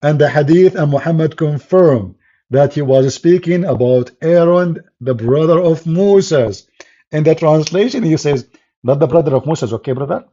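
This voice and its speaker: Scornful husky man with broken English. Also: on the high side, moderate pace, warm tone, muffled recording. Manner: scornful, emphatic, laughs and jeers often; non-native English with broken grammar. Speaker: religious debater. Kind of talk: mocking polemic commentary.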